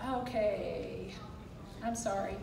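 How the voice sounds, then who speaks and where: A woman's voice: mid-range voice, slow pace, gravelly, dark tone, slight background noise. A middle-aged woman giving an earnest, encouraging motivational talk as a direct sales team director. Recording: echoey hall from far off.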